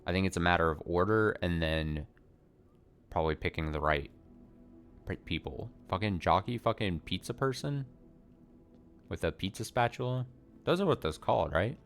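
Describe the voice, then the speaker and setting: A man with a low voice gives casual commentary while playing a puzzle game. He thinks out loud, swears freely and pokes fun at himself. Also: lively intonation, a little slow, long pauses, faint music behind. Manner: thinks aloud, swears casually, self-mocking. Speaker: let's play streamer.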